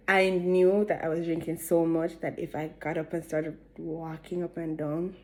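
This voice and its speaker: A woman's voice: deep voice, little pitch movement, unhurried, a little mellow. A young woman with a Jamaican accent, telling a rambling, chatty story while doing her makeup for her vlog. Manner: rambling, chatty, laughs between sentences. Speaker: beauty vlogger.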